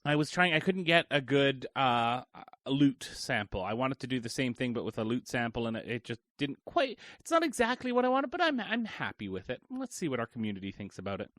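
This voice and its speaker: A man's voice: mid-range voice, big pitch swings, a little fast, a bit bright, no echo, clean studio sound. A man co-hosting a podcast, playful and goofy in casual chat. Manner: goofy, playful, jumps into silly voices. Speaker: podcast co-host.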